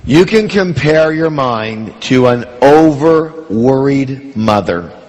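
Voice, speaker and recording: In a big hall, a motivational speaker addresses a seminar crowd, using call-and-response questions to drive them. His mid-range voice is animated, slow and a little mellow.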